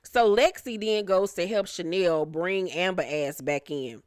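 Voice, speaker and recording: A woman's voice: on the low side, measured pace, a little mellow, no room sound, clean studio sound. Brash, profane woman recapping reality TV. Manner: brash, profane, laughs often. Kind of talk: casual recap commentary.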